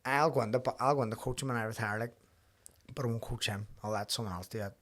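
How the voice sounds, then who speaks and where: A young man talks fast and loose in a casual podcast chat. He swears often and drops quoted lines into his stories. His voice sits at a middling pitch. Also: a bit bright. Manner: rapid, swearing, storytelling with quoted asides. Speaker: podcast host, professional boxer.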